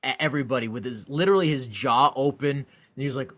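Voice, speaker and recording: Animated swearing man telling a story. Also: medium pitch, fast. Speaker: podcast co-host; convention exhibitor. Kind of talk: casual chat.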